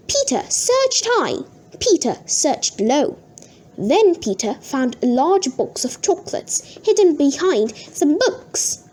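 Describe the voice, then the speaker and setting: A woman reading a children's book aloud in an expressive, sing-song way. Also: high voice, breathy edge. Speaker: storybook reader.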